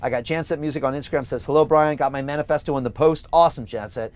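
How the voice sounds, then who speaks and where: A middle-aged American man from California hosting a livestream, reading out viewer comments and making an emphatic, rallying campaign pitch. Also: fast talker. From California, USA. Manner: energetic, emphatic, repetitive rallying. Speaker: host and mayoral candidate.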